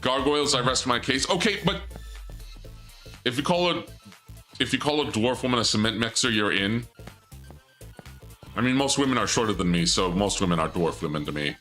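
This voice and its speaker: A man's voice: mid-range voice, normal speed, pauses often, bright, forceful tone, soft background music. A young man streaming a game as a VTuber, rambling in goofy asides, cutting himself off and stammering. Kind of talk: live game stream commentary.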